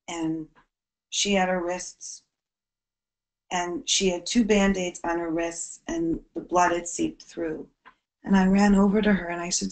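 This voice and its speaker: A woman giving an earnest educational presentation to teachers on bullying prevention, her voice dropping soft at serious points. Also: on the low side.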